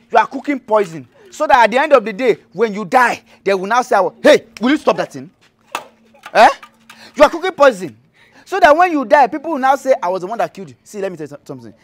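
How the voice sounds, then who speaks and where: A man's voice: very high voice, no echo. A man playing a cruel, spiteful husband who threatens his pregnant wife, taunting with mocking questions. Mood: scornful. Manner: taunting, menacing, tag questions "eh?". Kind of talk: web skit drama acting.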